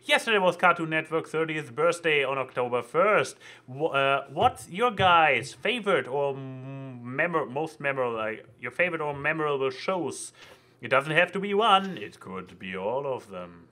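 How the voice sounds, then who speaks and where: Stammering bright-voiced young male host. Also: fairly high pitch, lively intonation, normal speed. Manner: rambling, stammering, crude. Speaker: podcast host. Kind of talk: casual podcast chat.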